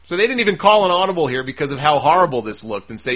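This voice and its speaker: A man's voice: on the high side, racing. A man hosting a podcast, recapping wrestling in a casual, sarcastic, profane rant. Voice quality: sarcastic, animated, swears freely.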